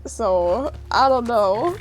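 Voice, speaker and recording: Brief: chatty Chicago-accented woman streamer, rambling and giggly, slightly high voice. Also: lively intonation, extremely slow, rough recording. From Chicago area, USA. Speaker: game streamer. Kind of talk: casual chat while playing a game.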